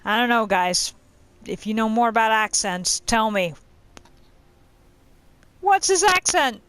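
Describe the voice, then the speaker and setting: A woman's voice: on the high side, very animated, slow, fairly bright tone, clean tone, no echo. A woman casually commenting on her game as she plays, thinking aloud and trailing off mid-sentence. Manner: chatty, thinking aloud, hesitant with fillers. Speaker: gamer playing and commenting. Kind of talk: casual let's-play commentary.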